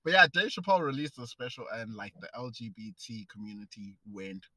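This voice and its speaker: A young South African man co-hosting a podcast, chatting quickly, acting out quotes and laughing. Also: mid-range voice, expressive, pushed and bright, no room sound, low-quality recording. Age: young adult. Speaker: podcast co-host. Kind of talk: casual chat.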